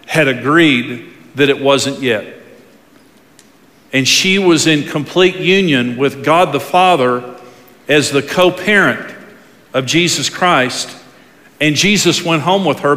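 A man preaching a sermon, telling stories with lively pacing and acting out the voices of the people he quotes. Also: on the high side. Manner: animated storytelling, acts out quoted voices. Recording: long reverb of a large hall.

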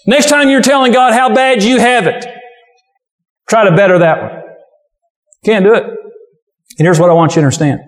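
High-voiced preacher in echoey hall. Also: male voice, moderate pace, long pauses. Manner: forceful, repetitive exhortation. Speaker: pastor. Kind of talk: sermon.

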